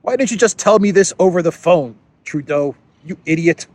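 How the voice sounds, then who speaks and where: An irate middle-aged national leader, as a man puts on a mocking impression, scolding loudly and throwing insults. His voice sits a little high and carries exasperation. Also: lively intonation, moderate pace, no room sound. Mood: exasperated.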